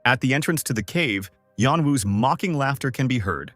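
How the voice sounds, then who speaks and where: A man narrates a comic recap in a scripted, storytelling voice. His pitch moves a lot, and the recording is dry and close. Faint music plays beneath him. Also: moderate pace, dry recording. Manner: steady storytelling voice that swings into character voices.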